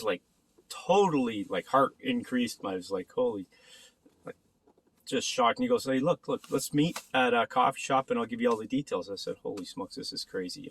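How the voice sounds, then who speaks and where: A man in his forties tells a story in a low voice, animated and loose, full of fillers, restarts and casual swearing. The sound is dry and close, with no room around him. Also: no echo. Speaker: personal trainer and podcast host.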